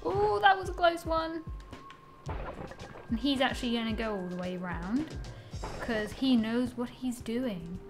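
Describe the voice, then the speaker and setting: A woman's voice: a little high, animated, measured pace, pauses often, music in the background. A young woman giving casual gameplay commentary, exasperated, swearing often and talking to herself. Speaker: gaming channel host.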